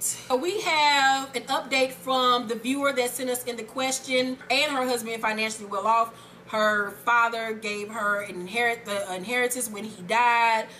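A woman co-hosting an advice chat show, reading a viewer's letter aloud and reacting with loud, profane excitement. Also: on the high side, a little hiss or hum. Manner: animated, profane, exclamatory.

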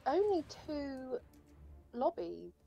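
A woman's voice: high-pitched, very animated, extremely slow, creaky, warm tone, lo-fi sound, soft background music. A woman in casual banter on a gaming stream, making teasing asides. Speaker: stream guest player.

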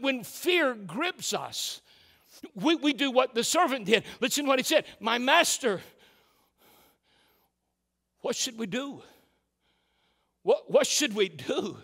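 In a church sanctuary, a pastor with a very high, slightly bright voice preaches a sermon, repeating "can I tell you" and restarting phrases as he hammers his points home. A long hall reverb surrounds the recording.

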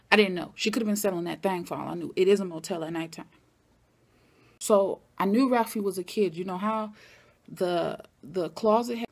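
Animated woman recapping a TV episode. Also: mid-range voice. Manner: animated, talks back at the characters. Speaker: TV recap vlogger.

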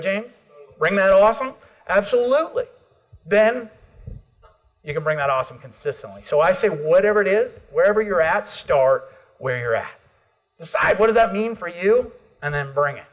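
A middle-aged American man giving an energetic motivational keynote at a conference, calling on the audience for responses. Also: high-pitched, brisk. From United States. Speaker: motivational speaker.

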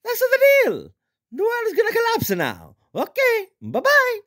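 A man voicing a cheerful cartoon game plumber with an Italian accent, in a squeaky sing-song falsetto. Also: wildly swooping pitch, a little slow, fairly bright tone, full character voice. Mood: chirpy.

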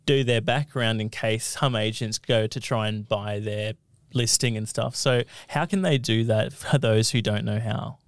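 Man, podcast co-host, halting speech, dry close sound. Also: on the low side, steady tone, no room sound. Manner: halting, restarts words often. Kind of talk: casual podcast interview.

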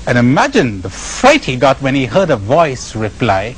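A man's voice: mid-range voice, wildly swooping pitch, a little hiss or hum, poor audio. Emphatic Indian-accented man lecturing. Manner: emphatic, with dramatic pauses and chuckles. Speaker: spiritual retreat speaker. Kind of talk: spiritual lecture with storytelling.

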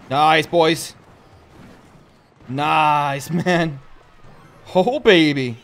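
A young man hosting a gaming channel, giving gameplay commentary and jumping to loud, excitable outbursts. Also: on the high side, normal speed, pauses often, faint music behind.

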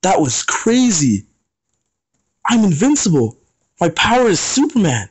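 A man's voice: medium pitch, a little fast, close to an everyday voice. A young man voicing a cocky, teasing teenage boy in a school short story, with brash, mocking delivery. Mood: amazed.

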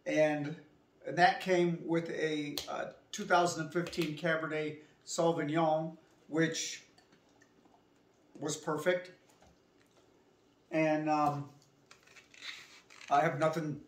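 A woman telling a restaurant story in a casual vlog, acting out both sides of the conversation herself. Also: deep voice. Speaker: vlogger. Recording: echoey room, voice from a distance.

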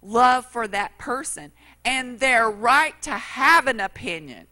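Bright-voiced woman preaching. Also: a little high, lively intonation, takes it slowly. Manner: folksy storytelling, acts out quotes. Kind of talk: sermon.

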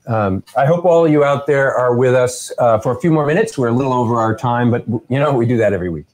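A man's voice: medium pitch, fast. Guy hosting a live chat, easygoing, rambles and restarts a lot, mid-range voice. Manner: relaxed, rambling with frequent restarts. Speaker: host. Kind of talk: casual live interview chat.

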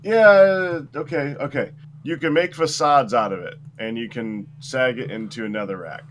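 A man's voice: medium pitch, normal speed, fairly bright tone, slight background noise. A man in casual gaming chat, explaining game items and answering friends a bit defensively. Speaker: game player.

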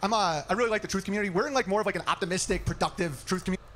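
Male stand-up comic, quick and high-pitched, rambling deadpan-sincere delivery. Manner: rambling, mock-sincere storytelling. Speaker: stand-up comedian. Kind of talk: stand-up comedy set.

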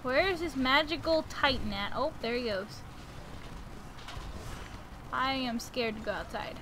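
Woman, gaming channel host, casual jokey commentary, high voice, unhurried. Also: background noise. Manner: excitable, jokey, yelps when in danger.

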